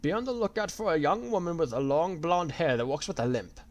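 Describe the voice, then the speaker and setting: A man's voice: a little high, animated, brisk, a little mellow, dull audio, voice pushed up, lightly acted. A man doing a quavering, frightened old village elder. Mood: urgent. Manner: quavering, stammering.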